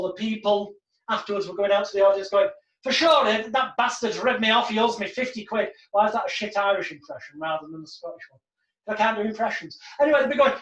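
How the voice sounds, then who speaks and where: A man teaching hypnosis in a casual monologue, telling stories and acting out what people said. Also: sits high. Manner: lively storyteller who acts out quotes. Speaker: hypnosis trainer. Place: home room in front of a backdrop. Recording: roomy, distant, dull sound.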